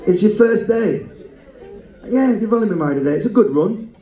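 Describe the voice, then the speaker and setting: A man hosting a comedic live game show on a cruise ship, teasing contestants with quick banter and frequent laughter. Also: sits high, lively intonation, echoey room, crowd noise, rough recording.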